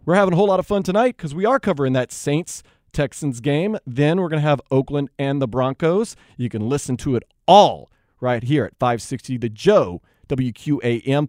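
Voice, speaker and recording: A man's voice: a little high, a little mellow, dry recording, studio quality. A man from South Louisiana with a Louisiana accent, hosting a sports radio show in an upbeat, folksy way. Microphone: studio microphone.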